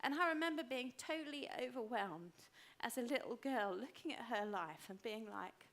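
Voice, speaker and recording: Lady pastor in her 50s giving a sermon, higher voice, leans on repeated lines, goes quiet for stories. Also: lively intonation, moderate pace, hardly any pauses. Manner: emphatic, repeats phrases for weight; drops to a hushed voice for personal stories.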